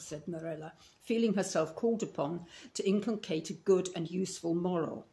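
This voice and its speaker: A woman's voice: fairly low pitch, moderate pace, few pauses, dark tone. A woman with a Scottish accent narrating a children's classic as a volunteer reader. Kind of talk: storybook read-aloud narration.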